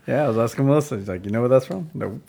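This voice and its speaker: A man's voice: mid-range voice, expressive, rapid-fire, vocal fry, mellow, slightly rough. A man co-hosting a movie podcast, chiming in with short replies and laughs. His voice moves up and down a lot. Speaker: podcast co-host. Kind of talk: casual movie podcast chat.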